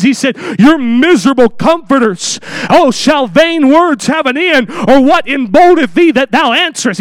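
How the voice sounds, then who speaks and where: A man delivering a fervent sermon in a very high voice, building to shouted scripture readings in old-fashioned wording. The sound is dry and close, with no room echo. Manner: impassioned, rising to shouts on scripture. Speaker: preacher.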